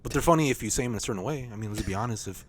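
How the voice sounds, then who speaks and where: A man's voice: mid-range voice, lively intonation, very fast. A young man co-hosting a podcast in casual chat, hesitant and joking, with plenty of swearing. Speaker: podcast co-host.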